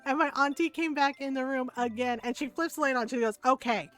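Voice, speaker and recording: A woman's voice: high voice, fast talker, fairly bright tone. A woman streamer telling personal stories in casual chat, often tagging her sentences with "right?". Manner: chatty, often adds "right?". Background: background music.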